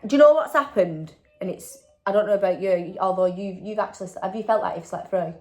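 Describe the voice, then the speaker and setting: A woman's voice: mid-range voice, fairly quick, a little mellow. A woman, chatting casually in a vlog and tagging questions onto her sentences. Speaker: vlogger. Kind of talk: casual chat.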